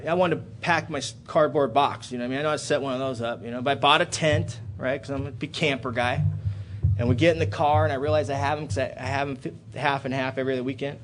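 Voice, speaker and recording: A man in his thirties speaking at a recovery meeting in a hotel hall, telling a personal story and building to loud, animated outbursts. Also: mid-range voice, quick pace, a little hiss or hum. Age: 30s.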